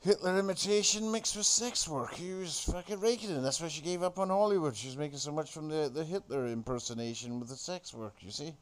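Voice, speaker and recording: A man's voice: a little high, fairly quick, few pauses. Man, host, rambling comic monologue, sardonic and heavily sweary.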